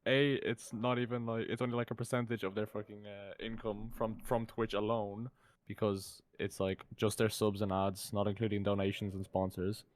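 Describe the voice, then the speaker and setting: A man's voice: lowish voice, little pitch movement, moderate pace. A young man co-hosting a podcast, rambling and swearing in casual chat. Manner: rambling, sweary, laughs often. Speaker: podcast co-host.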